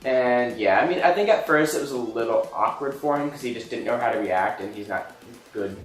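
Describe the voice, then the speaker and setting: A man's voice: medium pitch, lively intonation, fairly quick. A young man telling a personal story in a casual chat, rambling and full of "like". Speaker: co-host. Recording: echoey room with faint music.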